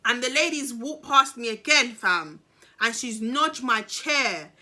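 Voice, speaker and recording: A young woman spins a story for her viewers, chatty and full of slang. Her voice is very bright and sits a little high. She talks straight to the camera. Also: a little slow. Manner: chatty, animated, slangy, swears. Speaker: storytime vlogger. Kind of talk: casual storytelling.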